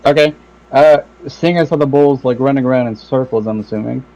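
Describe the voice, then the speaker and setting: Player, man, casual and hesitant, average pitch. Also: a little fast, highs cut off, crowd noise. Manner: hesitant, filler-heavy. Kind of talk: casual tabletop game chat.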